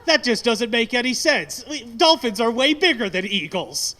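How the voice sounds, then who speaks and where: A man with a high voice performs a stand-up set at an open mic. He rambles, mocks himself and curses freely. He is on a handheld mic in a small brewery taproom. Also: sing-song, moderate pace, pushed and bright. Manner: self-deprecating, rambling, swearing. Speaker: stand-up comic.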